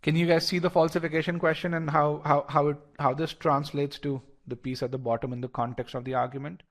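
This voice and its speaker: A man's voice: fairly high pitch, fast. Man teaching a live online class. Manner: animated, frequent restarts and fillers; talks through reasoning step by step, polling the class. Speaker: test prep instructor.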